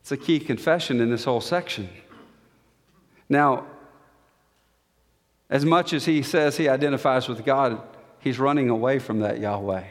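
A man's voice: medium pitch, moderate pace, long pauses. A man preaching an expository sermon and reading scripture aloud, emphatic, his voice climbing on the quoted questions. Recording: long reverb of a large hall.

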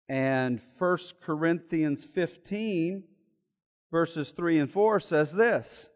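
Male preacher, high voice, impassioned sermon delivery, long hall reverb. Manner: impassioned, rising to loud emphatic preaching.

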